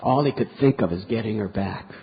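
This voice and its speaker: A man's voice: lowish voice, a little fast, gravelly, slightly rough. A man giving a scripture lecture, retelling a story vividly and drawing moral lessons from it. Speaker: spiritual teacher. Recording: dull lo-fi lecture recording.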